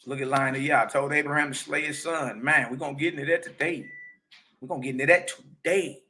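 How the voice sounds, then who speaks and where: Emphatic preaching man, bright voice. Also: a little high, steady tone, brisk, low-quality recording. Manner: emphatic, addresses listeners directly. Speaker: commentator reacting to clips. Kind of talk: preachy commentary on a played clip.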